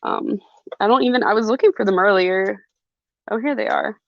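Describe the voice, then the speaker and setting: Chatty young woman instructor, gravelly fry, dry close audio. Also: mid-range voice, moderate pace, dry recording, highs cut off. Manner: chatty, laughs often, lots of ums. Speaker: jewelry class instructor. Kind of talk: live online craft class.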